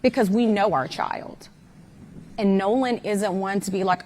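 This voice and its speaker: Brief: mother recounting a tense night on camera, hesitant with fillers, average pitch, faint noise behind. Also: unhurried, a little mellow. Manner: hesitant, detailed retelling with fillers. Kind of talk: interview account.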